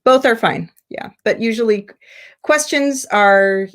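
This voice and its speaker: A woman's voice: fairly high pitch, takes it slowly. American woman teaching on a video call. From United States. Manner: explanatory, with frequent fillers and restarts. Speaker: English teacher. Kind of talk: online seminar lesson.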